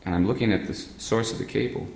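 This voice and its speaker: Brief: low-pitched male speaker, rambling humorous anecdotes to an audience, hall echo. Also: quick pace, vocal fry, a little mellow, a little hiss or hum. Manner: rambling anecdotal delivery, frequent hesitant fillers. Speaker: guest speaker. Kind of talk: humorous storytelling talk to a live audience. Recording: roomy hall sound with faint ambience.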